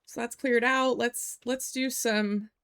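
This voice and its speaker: Chatty young woman streamer, higher voice. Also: fairly even intonation, slow pace, fairly bright tone, clean tone. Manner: chatty, rambling, many "like"s. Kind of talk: casual live-stream chat. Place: home room.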